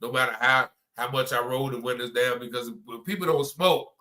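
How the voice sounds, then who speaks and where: A man's voice: mid-range voice, fairly even intonation, fairly quick, sharp tone. A man from North Carolina, giving a spoken religious testimony in a conversational way, often repeating himself and saying "you know" and "man.".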